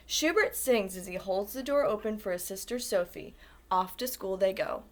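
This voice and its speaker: A woman who works as an elementary school guidance teacher reads a picture book aloud to young children. Her mid-range voice has lively intonation at a moderate pace, and she's warm and encouraging, asking the kids questions.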